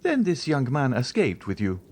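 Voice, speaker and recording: A man's voice: mid-range voice, wildly swooping pitch, moderate pace, a little mellow, slightly rough, pitched above the performer's own voice. A man voicing a stern, commanding older priest who interrogates with an imperious, accusing manner. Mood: probing.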